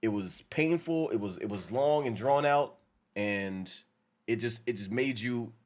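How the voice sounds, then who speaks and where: A man co-hosting a casual show reaction, talking in a profane, animated way and acting out lines from the episode. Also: mid-range voice, measured pace.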